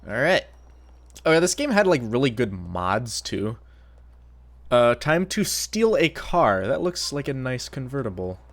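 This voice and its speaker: A man's voice: mid-range voice, very animated, unhurried. A man streaming a game and chatting casually, rambling and swearing as he plays. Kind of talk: casual gameplay commentary.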